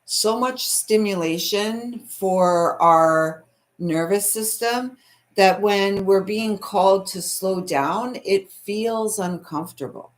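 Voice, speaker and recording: A woman's voice: mid-range voice, slow pace. A middle-aged Canadian woman with a Canadian accent, hosting a spiritual live stream in a soothing, chatty way and reading viewer comments aloud. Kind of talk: casual live-stream chat.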